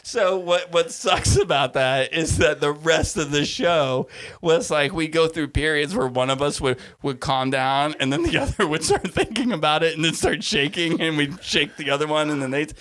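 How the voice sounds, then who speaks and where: A man's voice: on the high side, normal speed, fairly bright tone. A man co-hosting a podcast, telling a story in casual chat and laughing as he acts out the people in it. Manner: laughs through his story, acts out voices. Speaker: podcast co-host.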